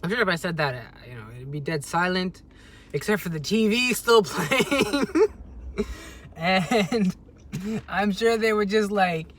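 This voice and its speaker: A young man telling a story on a vlog as a rambling, agitated rant, with sudden loud jumps in pitch. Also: animated, takes it slowly, long pauses. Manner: rambling, with many restarts. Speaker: vlogger.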